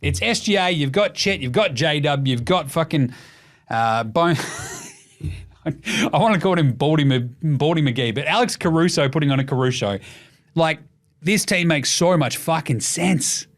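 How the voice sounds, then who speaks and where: Sweary, upbeat Australian man. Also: a little high. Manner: fast, sweary, jokey, animated. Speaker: podcast host. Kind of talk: casual sports commentary.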